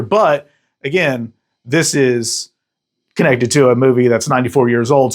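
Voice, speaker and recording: A man hosting a movie review show, giving a casual, rambling and profane recap with frequent laughter. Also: medium pitch.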